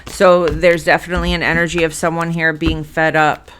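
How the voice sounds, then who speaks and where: A woman's voice: low-pitched, little pitch movement, fairly quick, fairly bright tone, a little hiss or hum. A woman giving a blunt, emphatic tarot reading, cursing freely as she speaks to her viewers. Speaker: tarot reader.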